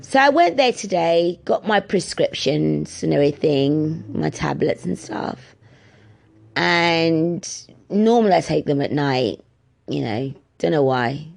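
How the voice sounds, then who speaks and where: A woman's voice: deep voice, takes it slowly, creaky, a little mellow. A woman vlogging, telling everyday stories in a chatty, exasperated way and swearing freely. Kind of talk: casual ranting storytime.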